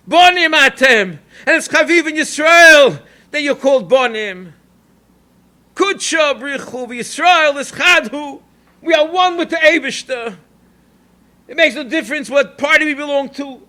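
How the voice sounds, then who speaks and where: High bright-voiced man teaching Torah. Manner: storytelling, mixing in Yiddish and Hebrew phrases, rising to emphatic calls. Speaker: rabbi. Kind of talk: Torah lecture with a personal story.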